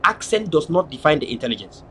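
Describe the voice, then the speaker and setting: A man's voice: fairly high pitch, sing-song, fast talker, fairly bright tone, a little hiss or hum. A man from Southern Cameroons with a Cameroonian English accent, delivering an impassioned, lecturing monologue with heavy repetition. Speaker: political activist speaker.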